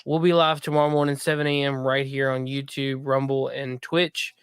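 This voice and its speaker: A man hosting a casual podcast, chatting and signing off the show in a relaxed, friendly way. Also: medium pitch, moderate pace, smooth, no echo, studio quality. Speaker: podcast host. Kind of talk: casual podcast chat and sign-off.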